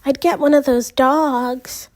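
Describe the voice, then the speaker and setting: A woman's voice: sits high, fairly even intonation, slow pace, a little mellow, voice pushed up. A woman voicing Suzanne, a blunt, curious teenage girl asking naive questions in a storybook reading.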